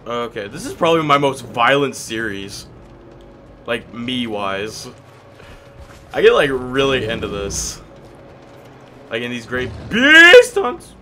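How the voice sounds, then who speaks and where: Slow, bright-voiced man narrating his gameplay. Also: mid-range voice, slight background noise. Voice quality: cracky voice. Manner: rambling, talking to himself while playing. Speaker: gaming video host. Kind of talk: casual let's-play commentary.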